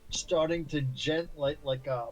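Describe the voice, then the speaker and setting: A man playing a tabletop game, describing his character's actions slowly and groping for words, with faint music behind. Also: a little high, fairly even intonation, rough recording. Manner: slow, searching for words. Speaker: player.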